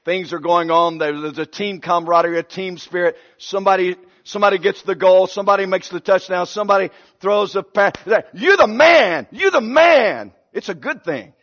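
Animated high-voiced man preaching. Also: a little fast, hardly any pauses, muffled recording. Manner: animated storytelling, acts out the characters, swings between loud and hushed. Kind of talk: sermon.

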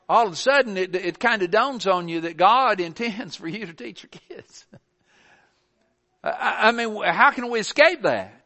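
Older man preaching, high and sharp-toned, earnest, presses his points hard. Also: lively intonation, a little slow. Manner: earnest, builds to forceful emphasis. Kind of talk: sermon.

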